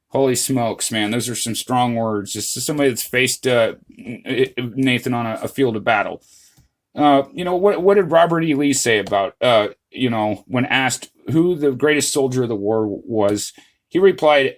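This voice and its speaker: A man of middle pitch talks to his viewers in a loose, unscripted vlog monologue. He rambles and restarts often, leaning on fillers, and calls his audience "guys" in an earnest, chatty way. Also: expressive, normal speed. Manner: rambling, frequent "uh, you know" fillers and restarts. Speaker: channel host. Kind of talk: casual history vlog monologue.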